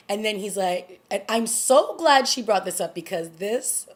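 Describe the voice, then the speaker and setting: A woman vlogger casually recapping a TV drama episode, excited and gossipy, acting out the characters' lines. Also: mid-range voice, normal speed, hardly any pauses. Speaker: TV review vlogger. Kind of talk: casual chat.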